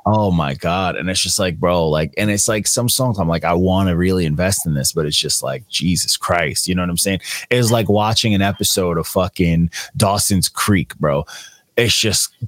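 A man's voice: low voice, normal speed, a bit bright, no echo. A young man co-hosting a podcast, chatting casually about albums in a rambling, slangy, profane way. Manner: laid-back, slangy, profane, rambling with fillers. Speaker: podcast co-host reviewing albums. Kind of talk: casual chat.

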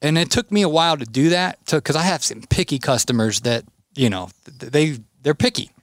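A man's voice: on the high side, fairly quick, dry recording, clean studio sound. A man hosting a podcast, telling stories casually and acting out what others said. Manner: animated storyteller, acts out quotes. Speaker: podcast host. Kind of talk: casual chat.

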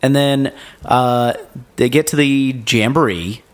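Male podcast co-host, average pitch, easygoing and rambling. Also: takes it slowly, soft background music. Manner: relaxed, rambling, full of fillers. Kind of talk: casual movie recap chat.

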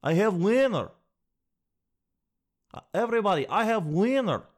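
A man voicing an overexcited man who keeps shouting that he has won a prize. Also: sits high, very animated, measured pace, voice pushed up. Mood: excited shouting. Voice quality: loud, insistent, repetitive.

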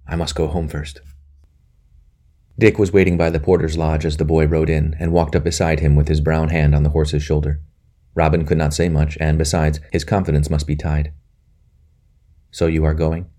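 A man narrating a historical novel, measured and earnest. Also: a bass voice, flat delivery, warm tone. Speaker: audiobook narrator. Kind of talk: scripted narration.

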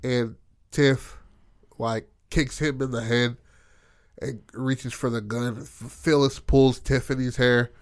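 A man's voice: medium pitch, slow, no echo, clean studio sound. A man casually retelling a tabletop game session, swearing freely and acting out the characters' lines. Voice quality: profane, animated, acts out characters' lines. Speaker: storyteller recounting a tabletop game. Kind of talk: casual storytelling chat.

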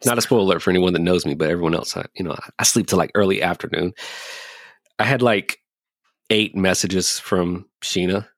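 A man's voice: low voice, a little fast, dry recording, clean studio sound. A man hosting a podcast in casual chat, joking loosely, swearing freely and laughing as he tells stories. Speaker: podcast host.

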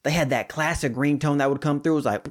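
A man hosting a podcast sermon, animated and lively, jumping high for jokes and sinking to hushed emphasis. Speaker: podcast host and preacher.

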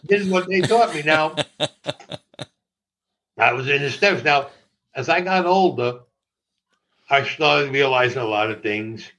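Older New man, animated storyteller. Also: on the high side, unhurried, pauses often. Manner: animated, laughing, swearing freely. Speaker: interviewee. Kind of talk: storytelling in conversation.

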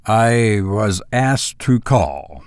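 A quiet, restrained messenger with a formal, uneasy manner, as a man voices him. He speaks slowly, and the sound is close and dry. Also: lowish voice, sing-song, no room sound, exaggerated voice. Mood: grave.

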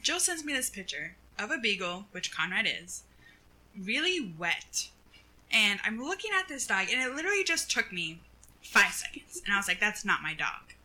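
A young woman co-hosting a casual chat, telling a story in an animated way and acting out what people said. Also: mid-range voice, normal speed, low-quality recording. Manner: animated storyteller, acts out quotes, laughs often. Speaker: podcast co-host.

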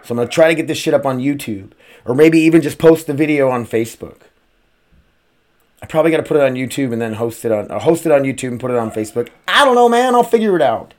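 A man from the United States with a mid-range, expressive voice talks fast as he hosts his own podcast. The streamer's casual solo rant is loaded with cursing, side tangents and rhetorical questions.

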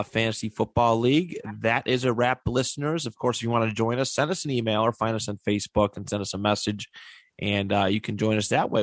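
A man hosting a casual sports podcast, reading out stats with pauses and filler words. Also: medium pitch, dry recording, studio quality. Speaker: podcast host.

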